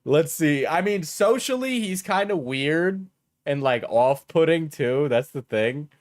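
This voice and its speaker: A man hosting a commentary channel, thinking aloud in loose, rambling sentences full of "like" and "right?". His voice sits somewhat high for a man and is recorded dry and close. His crude jokes come out with an offhand, mocking tone. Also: expressive, measured pace, dry recording. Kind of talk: casual commentary.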